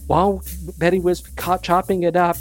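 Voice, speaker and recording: A man's voice: high voice, level tone, moderate pace, soft background music. A man telling a joke as a parable in a wry, conversational, emphatic way. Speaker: speaker. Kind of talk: storytelling talk.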